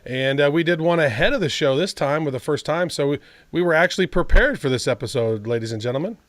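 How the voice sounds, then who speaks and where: A man's voice: on the high side, animated, fast talker, dry recording. A man co-hosting a podcast, playful and chatty in casual talk. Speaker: podcast co-host.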